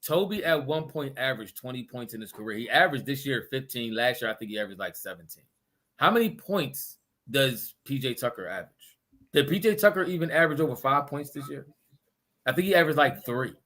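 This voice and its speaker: A man's voice: mid-range voice, animated, fast, a bit bright. A man co-hosting a podcast, arguing basketball hotly and point by point. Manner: emphatic, argues point by point, laughs often. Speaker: podcast co-host. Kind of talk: heated sports debate.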